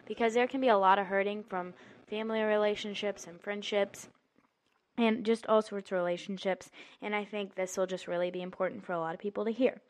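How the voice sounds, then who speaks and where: A woman's voice: medium pitch, steady tone, fairly quick. A woman hosting a podcast, giving an earnest, casual faith talk full of "like" fillers. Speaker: podcast host.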